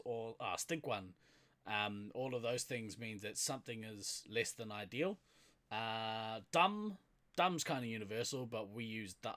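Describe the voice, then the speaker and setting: A man's voice: medium pitch, sharp tone. A man from New Zealand with a Kiwi accent, co-hosting a podcast in casual chat, laughing often and using lots of fillers. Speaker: podcast co-host.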